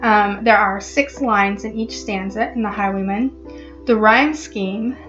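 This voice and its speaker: A woman vlogger explaining a poem in a casual, halting way, with many ums and restarts. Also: mid-range voice, fairly even intonation, a bit bright, muffled recording, soft background music. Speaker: literary vlogger.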